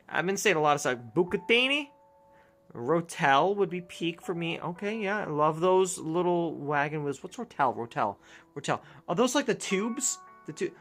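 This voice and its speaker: A man's voice: high-pitched, pushed and bright. A man hosting a let's play, chatting casually in a rambling, jokey way that keeps interrupting itself. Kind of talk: casual gameplay chat.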